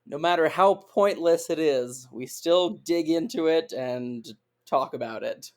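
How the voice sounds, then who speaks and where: A man's voice: on the high side, a little slow. A man co-hosting a podcast, teasing and laughing easily, often restarting his sentences. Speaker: podcast co-host. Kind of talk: casual podcast chat. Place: home, recorded remotely.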